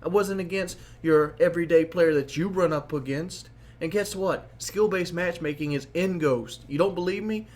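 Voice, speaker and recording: A man's voice: a little high, moderate pace, a little mellow. A young man giving a boastful, profane rant to camera as a gaming commentator, mocking his critics.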